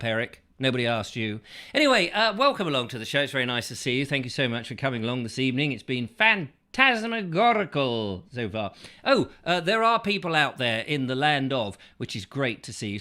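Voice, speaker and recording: A man's voice: mid-range voice, sing-song, a little fast, sharp tone. A man hosting a chat show, rambling through a whimsical, absurd comic monologue full of silly asides.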